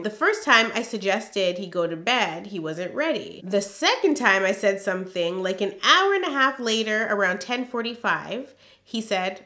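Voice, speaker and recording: A woman with a bright, clear voice reads her old journal aloud for a storytime vlog. She stops often for emphatic, exasperated comments of her own. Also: mid-range voice. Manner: emphatic, exasperated asides between read-out passages.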